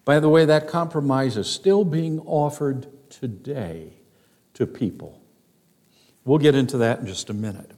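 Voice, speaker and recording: Slow, emphatic male Bible teacher. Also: mid-range voice, darkish tone. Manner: emphatic, slow and deliberate, stressing key words. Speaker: pastor.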